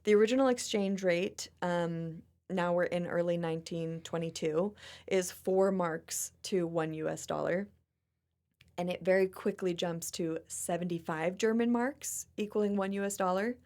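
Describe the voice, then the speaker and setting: A woman hosting a podcast in a chatty, expressive, casual way. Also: lowish voice, normal speed. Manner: chatty and expressive, often laughing. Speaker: podcast host. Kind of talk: casual chat.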